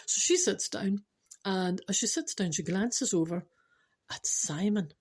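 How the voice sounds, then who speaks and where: A woman's voice: medium pitch, expressive, normal speed, a little mellow, slightly rough. A Scottish woman telling a story casually to an audience, chatty with rambling asides and laughs at herself. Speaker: storyteller host.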